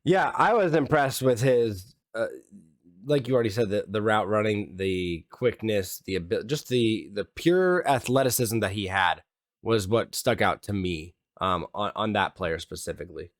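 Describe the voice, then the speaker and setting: A man's voice: lowish voice, expressive, normal speed, dry recording. Easygoing man in a dry, close sound. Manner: easygoing, chatty. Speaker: podcast co-host. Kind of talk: casual sports podcast chat.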